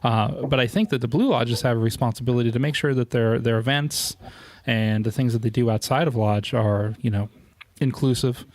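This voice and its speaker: A man's voice: mid-range voice, steady tone, moderate pace, darkish tone, no echo. A man, hosting a podcast in a rambling casual chat full of filler words. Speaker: podcast host.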